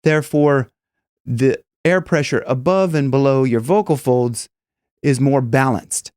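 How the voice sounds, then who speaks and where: A male vocal coach explains in a loose, rambling monologue, often restarting his sentences. His voice sits at a middle pitch. The sound is dry and close. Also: a little slow, a little mellow, no echo. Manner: rambling with many restarts and demonstrations. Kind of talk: casual teaching monologue.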